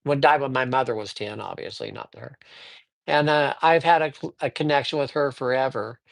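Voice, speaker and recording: A man gives card readings on a livestream in a voice of middling pitch. He is upbeat and chatty, rambles a little and greets viewers by name. The sound is close and dry, with almost no room reverb. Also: normal speed, creaky. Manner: rambling, with frequent fillers. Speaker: psychic reader. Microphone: livestream microphone.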